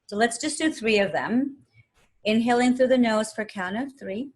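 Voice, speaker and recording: A woman teaching yoga and meditation, calmly guiding a breathing exercise step by step and counting the breaths aloud. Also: on the high side, normal speed. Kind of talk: guided breathing instruction.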